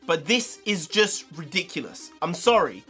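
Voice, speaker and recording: A man, ranting heatedly in a review vlog, swearing, his pitch swinging up and down. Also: big pitch swings, moderate pace, bright, forceful tone, soft background music. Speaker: video reviewer.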